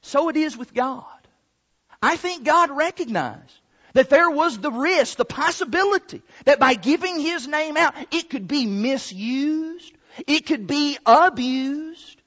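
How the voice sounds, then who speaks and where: Very high-voiced preacher in an echoing hall. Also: male voice, animated, sharp tone. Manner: emphatic, drawn-out stresses on key words. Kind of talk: sermon. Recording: long hall reverb, dull lo-fi sound.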